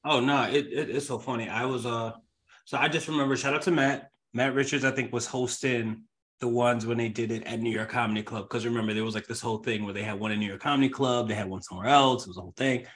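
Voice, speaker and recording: A man, a comedian, chatting casually and telling animated stories. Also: mid-range voice, fast. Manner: animated storytelling, acts out quotes, laughs often. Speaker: comedian co-host. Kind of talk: casual chat.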